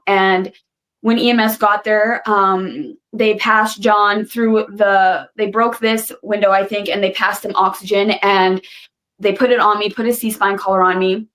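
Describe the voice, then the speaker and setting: A young woman speaking earnestly as a podcast guest, her voice at an ordinary middle pitch. She retells events vividly, slipping into the words people said to her. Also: fairly bright tone. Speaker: guest telling her story. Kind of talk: emotional personal storytelling.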